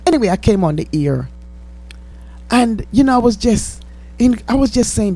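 A woman's voice: mid-range voice, expressive, normal speed, dark tone, breathy edge, faint music behind. A woman with a Jamaican accent hosting a radio ministry and preaching a testimony, fervent and pleading, slipping into patois.

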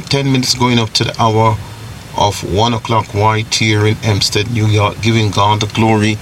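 A man's voice: fairly low pitch, little pitch movement, moderate pace, a little hiss or hum. A man leading a radio devotional, reading scripture and praying in a rhythmic preaching cadence with repeated phrases. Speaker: radio minister.

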